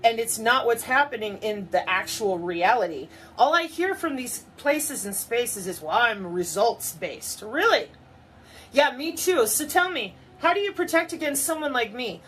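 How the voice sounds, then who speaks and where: Woman ranting to camera, sarcastic and swearing a lot, higher voice, bit of hiss in the background. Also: lively intonation, normal speed, fairly bright tone. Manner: sarcastic, mocking, profane. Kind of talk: ranting monologue.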